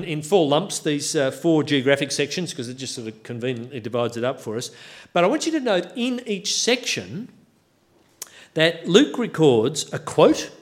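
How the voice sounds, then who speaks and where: A man preaching a sermon, walking through a Bible passage with wry, self-deprecating humour. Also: a little high.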